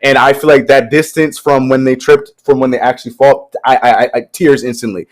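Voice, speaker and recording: A man's voice: mid-range voice, fairly even intonation, brisk. A young man co-hosting a casual sports chat show, laughing through his sentences as he talks. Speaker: co-host.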